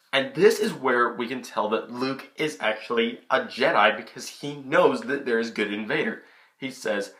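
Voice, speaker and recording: Excitable young man reviewing a film. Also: mid-range voice, normal speed. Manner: chatty, excitable, many restarts. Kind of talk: casual vlog review. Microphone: camera mic.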